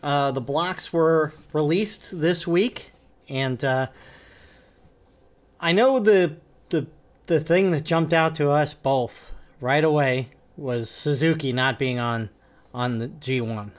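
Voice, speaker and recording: A man co-hosting a casual podcast, easygoing and hedging his opinions with a halting delivery. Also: fairly high pitch. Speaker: podcast co-host. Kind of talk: casual wrestling podcast chat.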